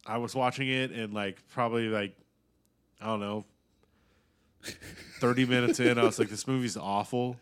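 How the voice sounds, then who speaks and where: A young man in casual chat, rambling, swearing often and getting animated when excited. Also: medium pitch, moderate pace, long pauses, clean tone.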